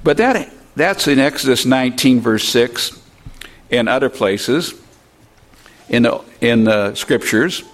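An older man giving an informal Bible lesson, unhurried, reading scripture aloud and spelling out Hebrew words. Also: mid-range voice, expressive. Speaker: Bible teacher.

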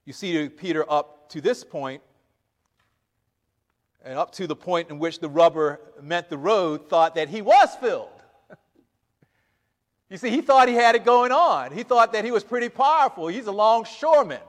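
His voice is high and bright, delivered at normal speed with long pauses, as he preaches a sermon. He reads scripture, acting out its lines with lively asides and laughs, while long hall reverb follows each phrase.

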